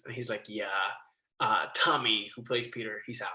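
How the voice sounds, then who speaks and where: A man guest on a casual interview podcast, telling a backstage story with lively acted-out quotes, swearing and laughing. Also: lowish voice, moderate pace, roomy sound, rough recording. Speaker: guest, musical theatre actor.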